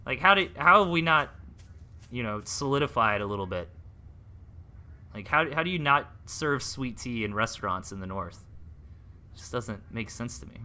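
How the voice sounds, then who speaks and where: A young man from the Southern United States casting a game replay live, rambling through joking side chats between quick play calls. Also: mid-range voice, lively intonation, sharp tone. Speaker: esports caster.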